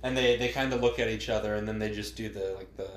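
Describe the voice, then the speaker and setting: A man's voice: fairly low pitch, steady tone, quick pace. A man co-hosting a podcast, laughing often and recapping a movie's plot in a casual chat. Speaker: podcast co-host. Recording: roomy echo.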